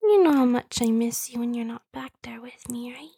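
A woman's voice: fairly high pitch, brisk, warm tone. A woman playing a giggling teasing younger sister, whispered role-play. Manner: playful, breathy whispering with frequent giggles.

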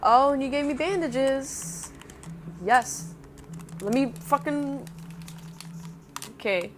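A young woman talks her way through a video game, swearing freely and yelping at sudden attacks before dropping back to low mutters. Her speech is slow and unhurried, her voice on the higher side. A faint hiss of noise sits under the recording. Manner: swears often, reacts loudly to scares, mutters to herself. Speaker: gameplay streamer. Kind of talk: casual let's-play commentary.

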